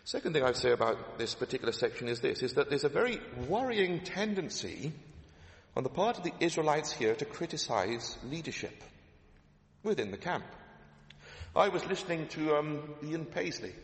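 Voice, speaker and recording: A man's voice: on the high side, sing-song, moderate pace. A man preaching a sermon, emphatic, repeating his key phrases and asking rhetorical questions. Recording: echoey hall with long reverb.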